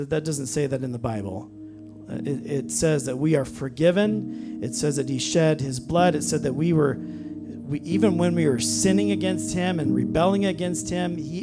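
A man preaching a sermon, telling a personal story in an earnest way and breaking into frequent amens. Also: fairly high pitch. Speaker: pastor.

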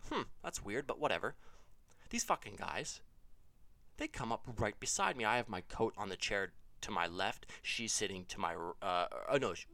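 A man's voice: normal speed, no room sound. A man casually telling a comedic story with lots of swearing, rambling and correcting himself mid-sentence. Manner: rambling, profane, self-correcting; animated, jumps to high exasperated pitch.

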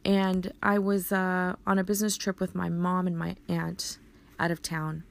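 With a fairly low, creaky voice that barely moves in pitch, a woman speaks a little slowly as she earnestly tells a personal story in conversation. She acts out the dialogue and often restarts her sentences.

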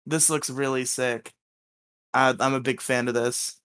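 A man's voice: medium pitch, fairly even intonation, unhurried, a bit bright, clear, resonant tone. A man hosting a podcast in casual chat, upbeat and joking, laughing often. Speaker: podcast host.

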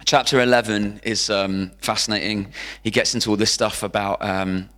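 A man delivers a sermon in a large church hall, his voice trailing off in a long reverb. He speaks in a lowish register, lively and emphatic, and repeats his key phrases to drive them home. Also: moderate pace. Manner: lively, repeats key phrases, often acts out quoted speech. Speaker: pastor.

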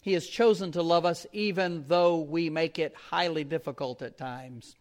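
A man preaching a sermon in a chatty storytelling way, slowing down to repeat key phrases and chuckling often. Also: on the high side, steady tone. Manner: conversational storytelling with fillers.

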